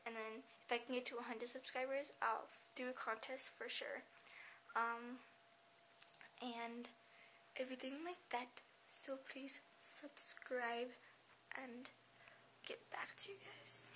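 A teenage girl rambles through a home vlog in a hoarse, fading voice that keeps slipping into a whisper. Her tone is bright and a little high, with a faint hiss of room noise behind her. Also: rough recording. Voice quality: drops to a whisper often. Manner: chatty, rambling, lots of fillers. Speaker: vlogger. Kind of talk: casual vlog chat. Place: at home, indoors.

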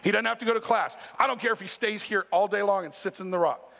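Male pastor, conversational sermon, high-pitched, church reverb. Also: fast, creaky. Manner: animated, conversational, talks straight to the congregation. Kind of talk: sermon storytelling. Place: church sanctuary.

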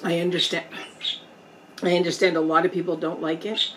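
A woman vlogger chatting casually while eating on camera at home, pausing often to savor her food. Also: on the low side, little pitch movement, fairly bright tone, slight background noise, low-quality recording. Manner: slow, chatty, pauses to eat and savor. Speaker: mukbang vlogger. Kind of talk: casual eating vlog chat. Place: indoors at home, storm outside.

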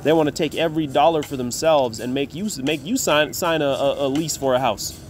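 A man teaching scripture, reading verses slowly and with emphasis, then explaining them in loose everyday talk with a faint music bed behind. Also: fairly high pitch. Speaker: Bible teacher. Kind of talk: scripture reading with casual commentary.

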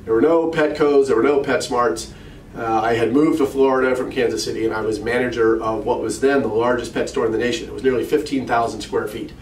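A middle-aged man talks through a coaching session in a relaxed, storytelling way, often turning questions back on his listeners. His voice sits at an ordinary pitch for a man and sounds a little set back from the microphone. The room adds a noticeable echo, with a faint hum of ambience underneath. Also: brisk. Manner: conversational storyteller, addresses listeners directly with questions. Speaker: practice management coach. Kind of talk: coaching talk to financial advisors. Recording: roomy, distant mic, faint ambient noise.

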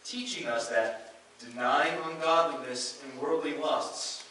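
A pastor preaching a sermon, reading scripture aloud and earnestly repeating key phrases. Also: male voice, mid-range voice, takes it slowly, sharp tone, a little hiss or hum. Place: church sanctuary. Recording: very echoey church hall, mic far off.

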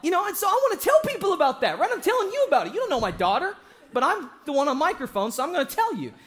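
A young man preaching an evangelistic sermon in a church, joking with the congregation and breaking into shouts for emphasis. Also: very high voice, very fast. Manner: animated, joking, bursts into shouting.

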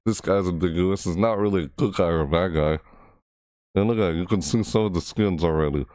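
A man hosting a reaction video, rambling casually with frequent restarts and excited asides, his voice cracking. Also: deep voice, fairly quick, no echo, clean studio sound.

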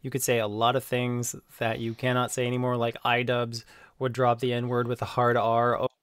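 A man's voice: mid-range voice, completely flat delivery, moderate pace, a bit bright, smooth, no room sound. A man in a casual monologue, rambling and defensive, with lots of fillers and self-justification. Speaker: online video creator being reviewed.

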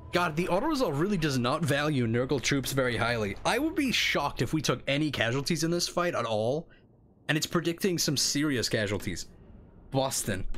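A man with a Northern English accent giving casual, animated commentary on a livestream, swearing freely and laughing often. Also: a little high. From northern England. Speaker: streamer.

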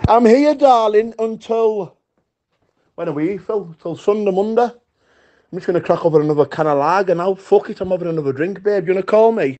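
Guy, kinda high voice, rambling voice notes, swears a lot, calls her babe. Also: fast, warm tone, lo-fi sound. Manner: rambling, swearing, affectionate pet names. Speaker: voice note sender. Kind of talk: casual voice messages.

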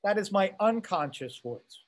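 A man's voice: high voice, expressive, a little slow. A man teaching a class, reading a text aloud and commenting on it in a conversational way, asking rhetorical questions and checking in with his listeners.

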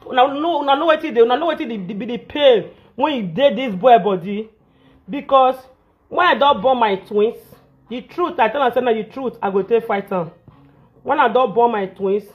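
A woman's voice: on the high side, highs cut off. A woman with a Nigerian Pidgin English accent, scolding and ranting animatedly on a live phone video, repeating herself for emphasis. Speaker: social media personality on a live video.

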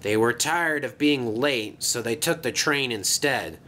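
A man's voice: mid-range voice, measured pace, bright, forceful tone, slight background noise. A man voicing Bertie, a sheepish bus. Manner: hesitant and apologetic. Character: sheepish, secretive male red bus.

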